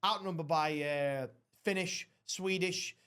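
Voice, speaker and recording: A man with a high voice hosts a casual podcast chat. He tells long, rambling stories and swears freely along the way. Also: slow, a bit bright, smooth. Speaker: podcast host.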